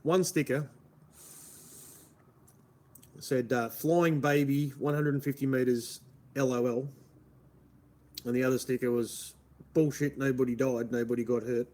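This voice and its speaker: A Melbourne man with an Australian accent speaks a little slowly in a steady, dark, medium-pitched voice, leaving long pauses. As a live streamer he chats casually, rambles, answers his chat and says "mate" frequently.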